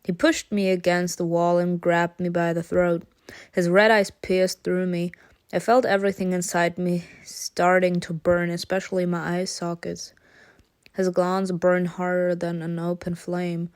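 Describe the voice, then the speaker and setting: A woman reading an interactive story game aloud, narrating dramatically and breaking into giggles and excited comments. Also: lowish voice, unhurried, clean tone, dry recording, clean studio sound.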